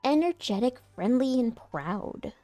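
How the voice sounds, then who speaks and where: A woman's voice: on the high side, animated, unhurried, dark tone, no echo, soft background music. A young woman streamer practicing voice acting, chatting casually and laughing at herself between takes. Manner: giggly, self-mocking, chatty. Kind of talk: casual live-stream chat.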